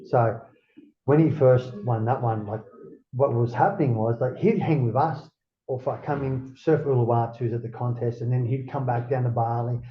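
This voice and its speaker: A middle-aged Australian man, an interview guest, telling rambling, animated stories full of swearing. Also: mid-range voice, moderate pace. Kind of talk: casual storytelling. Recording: roomy, dull lo-fi sound.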